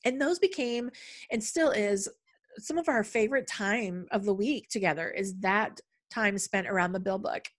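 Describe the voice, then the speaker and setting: A woman's voice: medium pitch, normal speed. A middle-aged woman talking in a casual, conversational way, with frequent fillers and a storytelling flow. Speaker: podcast speaker on money. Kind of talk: casual talk.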